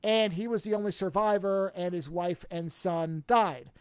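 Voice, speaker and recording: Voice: medium pitch, moderate pace, clear, resonant tone, no room sound. Podcast host rattling through a movie plot, doing little voices for quotes, dry close mic. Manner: animated, acts out quotes with shifting voices. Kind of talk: casual retelling of a movie plot.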